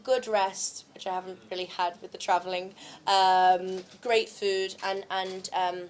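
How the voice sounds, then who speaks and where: A young British actress fields press questions at a launch event, chatty, full of fillers and laughing often, though a little unwell from travel. Her medium-pitched voice is flat in delivery and moves at a measured pace.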